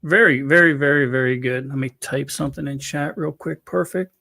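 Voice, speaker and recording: A man's voice: mid-range voice, brisk, vocal fry, bright, forceful tone, dry recording, studio quality. A man in his forties from Florida hosting a podcast in casual chat, easygoing and rambling, often laughing. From Florida, USA. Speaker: podcast host.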